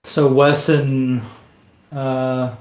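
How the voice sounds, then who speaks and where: A man narrating his character in a tabletop story game in an almost monotone voice. He speaks slowly and quietly with pauses, and his voice sounds roomy and echoey. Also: mid-range voice. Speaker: player. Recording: echoey room.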